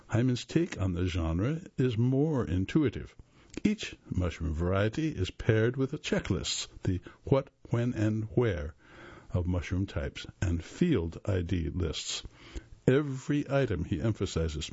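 A man hosting a radio reading service, reading a magazine article aloud in a steady, measured way with the odd stumble and self-correction. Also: on the low side, husky, dry recording, lo-fi sound.

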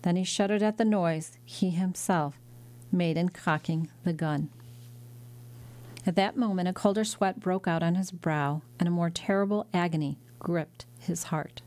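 A woman narrates a classic novel as an audiobook. Her voice sits a little low. She reads in a measured, dramatic way. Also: darkish tone. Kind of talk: scripted narration.

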